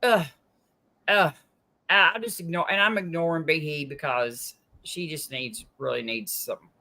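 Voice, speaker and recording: A co-host with a bright, sharp voice chats about politics. The speech is halting, with many repeated words. The tone turns scornful toward critics. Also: medium pitch. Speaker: livestream co-host. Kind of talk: casual political chat.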